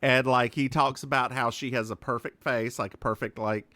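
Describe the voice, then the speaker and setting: A man co-hosts a podcast, casually recapping a TV episode in a mid-range voice at a moderate pace, recorded dry. He's animated, acting out quotes in different voices and cursing freely.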